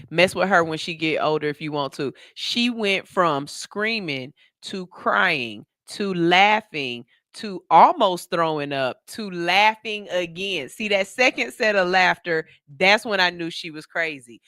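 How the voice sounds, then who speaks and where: A man's voice: sits high, unhurried, few pauses, bright, forceful tone, dry recording, clean studio sound. A man hosting a radio show, casually reacting to comedy clips and repeating himself for emphasis.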